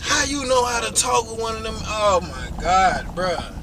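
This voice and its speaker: A man's voice: high-pitched, very animated, normal speed, noisy background. A young man hosting a casual couple vlog from inside a car, talking in an incredulous, exasperated, teasing way. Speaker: vlog host, fiancé. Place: inside a car while driving.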